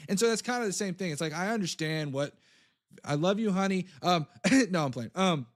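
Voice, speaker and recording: A man's voice: sits high, lively intonation, a little fast. A man hosting a casual political talk show, loose and joking, acting out quotes as he talks.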